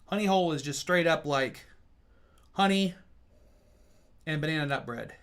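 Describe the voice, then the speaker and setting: A man's voice: on the high side, expressive, moderate pace, a bit bright, clear, resonant tone. A man hosting a casual whiskey tasting livestream. He jokes around, swears freely and answers viewers as he goes. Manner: loose, joking, swears freely; chats with viewers. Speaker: whiskey reviewer and streamer.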